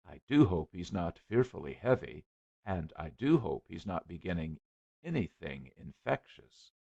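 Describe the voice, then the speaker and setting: Man reading as a fussy young lady, fretful, raised and lively pitch, husky. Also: unhurried, exaggerated voice. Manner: fretful, gushing. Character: prim anxious young woman, fussy and gushing. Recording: dull lo-fi recording.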